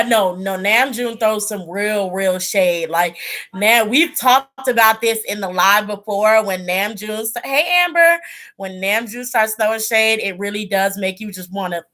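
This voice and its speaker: A woman hosting a casual livestream, telling stories in an animated, chatty way with frequent laughs. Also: medium pitch, a little slow. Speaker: tarot channel host.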